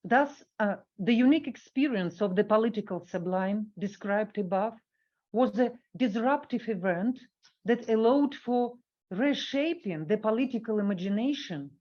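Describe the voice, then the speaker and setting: A woman with a mid-range voice and lively intonation gives a workshop talk, reading an academic paper from a script, on a muffled recording. When she goes off script, she halts and uses fillers.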